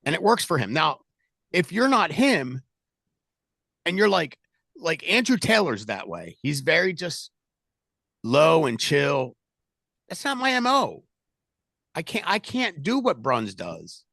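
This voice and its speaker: A middle-aged man leading a sales team, talking loudly and animatedly in a casual coaching chat. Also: fairly high pitch, slow, gravelly, pauses often, no echo. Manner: loud, animated, talks with his hands.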